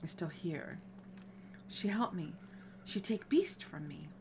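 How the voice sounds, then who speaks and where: A woman reading the lines of a gentle young male creature who was once a beast, in halting, broken English. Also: fairly low pitch, expressive, a little hiss or hum. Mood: tender.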